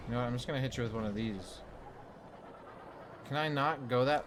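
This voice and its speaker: A man's voice: medium pitch, a little fast, pauses often, a little hiss or hum. A man streaming a video game, chatting, laughing and critiquing it casually. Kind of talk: casual let's play commentary.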